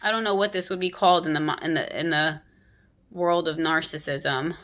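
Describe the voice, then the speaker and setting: A woman giving an animated, critical retelling of a children's book, talking casually with frequent restarts. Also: low voice, moderate pace. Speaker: content creator.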